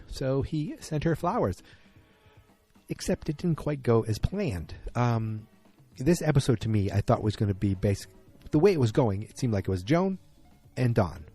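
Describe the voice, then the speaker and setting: A man with a husky, mellow voice talks through a solo podcast recap, rambling and opinionated, stopping and restarting often. Faint music sits underneath. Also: medium pitch. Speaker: podcast host.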